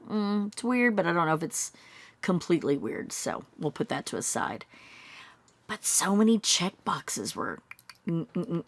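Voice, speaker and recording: A woman in her thirties offers casual true-crime commentary, skeptical and musing, slipping into high, mocking voices whenever she quotes someone. The recording has no room sound.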